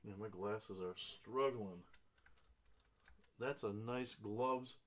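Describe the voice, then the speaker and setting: Hosting a live trading card break, a man with a lowish voice speaks slowly, reading out each card and buyer's name. He bursts into excited exclamations whenever a big hit turns up.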